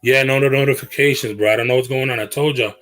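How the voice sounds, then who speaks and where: A man's voice: medium pitch, steady tone, fast, fairly bright tone, faint music behind, poor audio. A man hosting a casual livestream from his bedroom, talking to viewers in slangy, earnest speech that often trails off and restarts. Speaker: livestream host.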